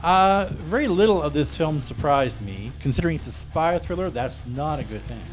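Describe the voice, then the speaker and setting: A man co-hosting a movie review podcast, chatting in a joking, relaxed way with plenty of "uh"s. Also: a little high, moderate pace, faint music behind. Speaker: podcast co-host, film reviewer.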